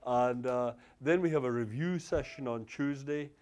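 Scottish guy lecturing a class, lots of uhs and restarts, cracks jokes, middle pitch. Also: moderate pace, a little mellow. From Glasgow, Scotland. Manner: loose and joking, with many fillers and restarts. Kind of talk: university lecture. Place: lecture hall.

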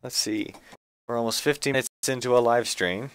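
A man's voice: mid-range voice, brisk, clear, resonant tone, dry recording. A man streaming a building game live, thinking aloud in a chatty, self-correcting way. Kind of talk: live gameplay commentary.

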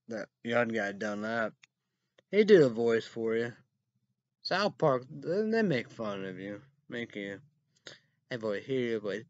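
A man reading news headlines aloud and ranting about them in a rambling, casual way, breaking into loud outbursts and cursing. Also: medium pitch, dry recording, lo-fi sound. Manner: reads headlines slowly, then rants loudly with cursing.

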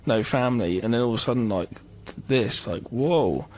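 Husky, animated man. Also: medium pitch, normal speed. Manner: animated, excitable, swears freely. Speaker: podcast co-host. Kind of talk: casual chat.

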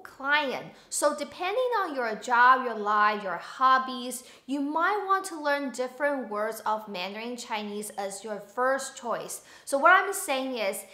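A woman from Taiwan teaching a beginner's Mandarin lesson, her high voice bright and upbeat. She speaks clearly and slows down to model words and tones. The sound carries an echoey room around it. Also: expressive. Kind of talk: online language lesson to camera.

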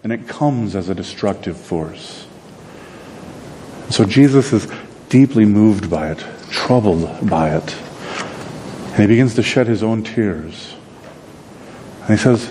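A man's voice: unhurried, pauses often, mellow. A man preaching a sermon in a conversational storytelling manner, acting out bits of dialogue. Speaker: pastor. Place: church sanctuary. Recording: long reverb with faint rumble noise.

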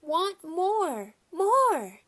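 A woman voicing a loud, demanding toddler boy who squeals and shouts in a storybook reading. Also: sits high, sing-song, very slow, voice pushed up, heavily acted.

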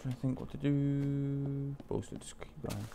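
A man's voice: mid-range voice, fairly even intonation, measured pace, gravelly, dark tone, slight background noise. A young man from Wales, talking himself through a video game, muttering and swearing casually. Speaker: gaming channel host. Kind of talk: let's play commentary.

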